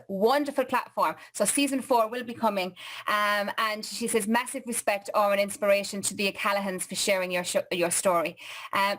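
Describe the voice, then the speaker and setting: A woman's voice: on the high side, a bit bright. Upbeat woman hosting a chat show. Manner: upbeat, chatty, reads comments aloud. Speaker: host. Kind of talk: live online chat show, reading viewer comments.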